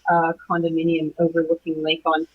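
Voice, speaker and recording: A woman's voice: deep voice, completely flat delivery, quick pace, husky. A middle-aged woman from Canada, a guest recounting a personal experience in an interview, talking hesitantly with many restarts. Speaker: guest, anomalies researcher. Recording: dull lo-fi call audio.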